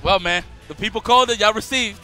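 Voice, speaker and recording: A man commentating on a tournament stream, bantering and trash-talking loudly. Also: high-pitched, fast talker. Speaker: esports commentator. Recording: music behind commentary. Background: music.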